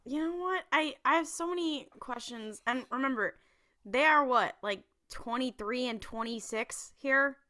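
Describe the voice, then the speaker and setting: A woman's voice: high voice, unhurried, sharp tone. A young woman podcast co-host who chats casually and jumps in with short, quippy reactions. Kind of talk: casual chat.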